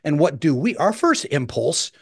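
A man's voice: on the high side, very animated, moderate pace, gravelly, husky, no room sound, studio quality. Enthusiastic, chatty male pastor. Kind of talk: conversational sermon.

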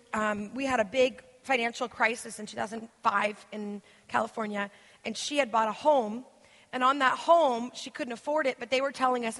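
A woman's voice: a little high, a bit bright. A woman from the United States giving an interactive sermon as a guest minister. She tells stories in a chatty, rambling way, full of fillers. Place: church hall. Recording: long church hall reverb.

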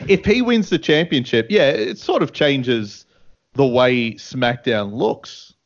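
A man co-hosting a radio show, talking in a relaxed, casual way and laughing along. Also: mid-range voice, slow, muffled recording. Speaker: co-host. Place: radio studio.

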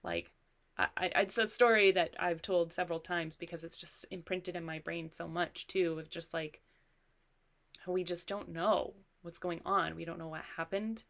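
Low, gravelly-voiced woman podcast host. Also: fairly even intonation, moderate pace, a bit bright. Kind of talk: casual conversation.

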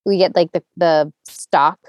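Low-pitched lady cohosting a podcast, rambly casual chat, dry sound. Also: steady tone, unhurried, darkish tone, dry recording. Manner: chatty, meandering with restarts. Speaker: podcast co-host.

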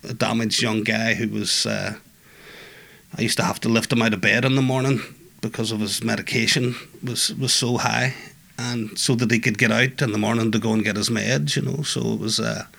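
A middle-aged man talks about his time inside, his voice carrying a gravelly texture. He stumbles and restarts often, adding "you know" as he circles back to his point. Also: on the low side, steady tone, pushed and bright. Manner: halting, many restarts and asides. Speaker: former prisoner and peer listener. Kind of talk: conversational interview recollection.

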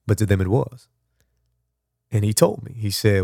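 Low gravelly-voiced man musing aloud. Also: animated, normal speed, pauses often, mellow, no room sound, studio quality. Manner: conversational, rambling, frequent restarts. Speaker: podcast host. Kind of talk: reflective motivational monologue.

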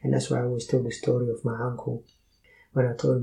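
A man giving an Islamic motivational talk, explaining ideas in measured steps and telling personal stories. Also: medium pitch, completely flat delivery, gravelly, warm tone, rough recording. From Somalia. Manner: measured, lists points in sequence. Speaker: motivational speaker. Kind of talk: Islamic self-help talk.

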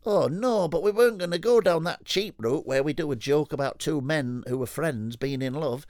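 A man acting out a pair of ageing rock-loving mates swapping sweary banter. The voices are raised well above his normal pitch and have a bantering lilt. The sound is dry and close to the mic. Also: moderate pace, a little mellow, no room sound, lightly acted. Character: two bickering ageing rock-loving blokes.

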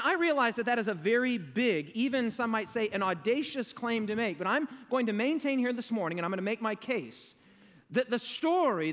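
A man's voice: high-pitched, long reverb tail. A man preaching a sermon to a live audience, emphatic and leading them in call-and-response.

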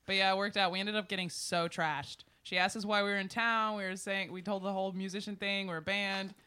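A woman, telling a road story in casual podcast chat, animated and laughing as she acts out the people in it. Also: medium pitch, a little fast, clean tone. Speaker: podcast guest, musician.

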